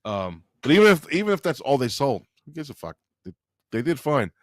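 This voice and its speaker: Lively rambling podcast co-host man. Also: medium pitch, a little fast, no echo, clean studio sound. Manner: rambling, laughing often. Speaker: comedian co-host. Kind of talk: casual podcast banter.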